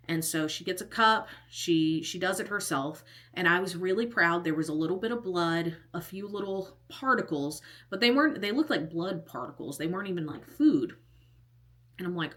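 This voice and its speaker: A woman's voice: on the low side, normal speed, fairly bright tone. A woman in her thirties telling a casual storytime, chatty and exasperated, often restarting her sentences and acting out what others said. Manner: chatty and exasperated, many restarts and quoted dialogue. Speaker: vlogger.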